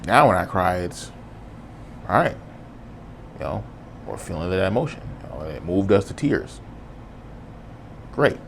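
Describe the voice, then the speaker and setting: Low gravelly man, earnest podcast talk. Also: very animated, unhurried, long pauses, slight background noise. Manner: earnest, casual, reflective, says "bro". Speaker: podcast host. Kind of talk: solo podcast monologue.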